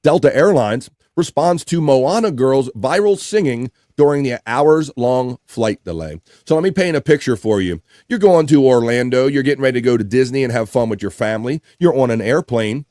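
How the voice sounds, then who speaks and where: A man's voice: medium pitch, moderate pace, few pauses, no room sound. Guy hosting a live show, bouncy voice all over the place, dead dry sound, cracking jokes at the chat. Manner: animated and jokey, laughs often. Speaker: livestream show host. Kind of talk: casual chat, reading viewer comments aloud.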